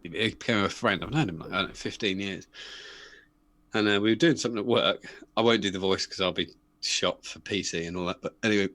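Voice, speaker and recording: A man's voice: low voice, brisk, a bit bright, no echo. A man with a Northern English accent chatting casually as a podcast co-host, telling rambling anecdotes and putting on voices for the people in them. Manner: rambling storyteller, puts on voices in anecdotes, frequent restarts. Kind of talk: casual chat.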